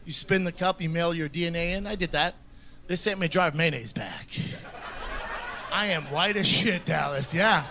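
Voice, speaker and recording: A man's voice: fairly high pitch, normal speed, noisy background. A man in his thirties performing a stand-up comedy set, telling crude, profanity-heavy stories. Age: 30s. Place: stage in front of a live audience.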